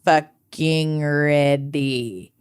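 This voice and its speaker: A woman's voice: sits low, steady tone, extremely slow, clear, resonant tone. A woman co-hosting a podcast, chatting casually and emphatically. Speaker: podcast co-host. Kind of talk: casual chat.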